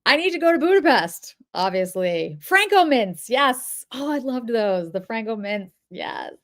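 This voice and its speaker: A woman's voice: a little high, big pitch swings, unhurried, a bit bright. A middle-aged woman from the Boston area, chatting casually on a livestream and answering viewers' comments as she goes. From Boston area, New England. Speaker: livestream host.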